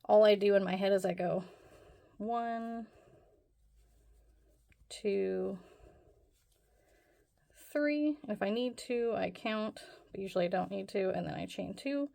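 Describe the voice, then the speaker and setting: A woman's voice: mid-range voice, brisk, gravelly, mellow. Chatty woman teaching crochet. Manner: rambling, self-deprecating, chatty with fillers. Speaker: crochet tutorial host. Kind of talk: casual tutorial talk.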